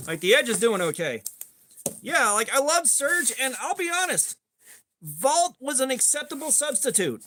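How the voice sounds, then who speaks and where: A man's voice: high-pitched, lively intonation, normal speed, sharp tone, a little hiss or hum. A middle-aged man hosting a casual livestream chat, rambling and swearing freely with a lot of filler. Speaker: host.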